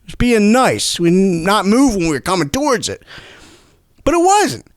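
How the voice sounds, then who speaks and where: A man hosting a comedy show whose high voice swings widely as he rants, foul-mouthed and excitable. He stumbles and repeats himself, and the sound is dry and close. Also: normal speed, dry recording. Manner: profane, excitable, stumbling over words. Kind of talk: rambling comedic rant.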